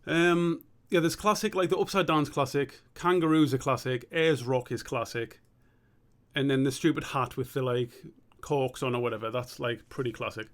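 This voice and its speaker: A man's voice: medium pitch, moderate pace. A young man streaming live as an animator, chatting casually and thinking aloud in a rambling, sweary way.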